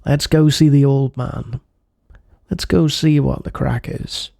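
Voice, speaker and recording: A man's voice: mid-range voice, steady tone, slow, gravelly, dark tone. A man voicing a young would-be mob boss from a 1930s gangster game, reading his lines in tough-guy gangster slang. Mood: scheming.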